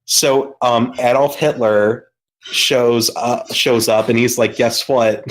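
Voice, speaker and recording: A podcast co-host rambles through a long story in casual chat, swearing heavily and using many fillers. His medium-pitched voice stays steady at a slow pace, with background noise behind it.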